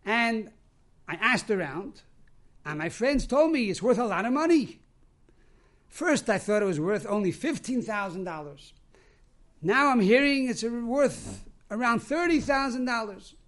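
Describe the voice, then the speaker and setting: A man's voice: extremely high pitch, expressive, measured pace, fairly bright tone, full character voice. A man voicing an anxious middle-aged seller who insists his fake scroll is real. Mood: earnest. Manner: insistent, defensive.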